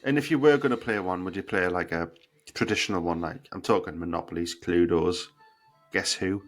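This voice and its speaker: A man's voice: low voice, brisk, faint music behind. A Northern Irish man co-hosting a casual beer podcast, laid-back and dry, swearing casually. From Northern Ireland. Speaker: podcast co-host. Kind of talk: casual chat.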